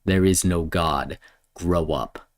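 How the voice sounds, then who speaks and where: A man streaming, ranting angrily and swearing, swinging between loud outbursts and low mutters. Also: slow. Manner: heated, swearing, lurching between shouts and mutters. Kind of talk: angry profane rant.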